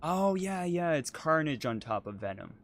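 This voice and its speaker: A man's voice: fairly high pitch, sing-song, moderate pace. A man co-hosting a casual chat while playing a game, hesitant and apologetic, with lots of ums. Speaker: podcast co-host playing a driving game.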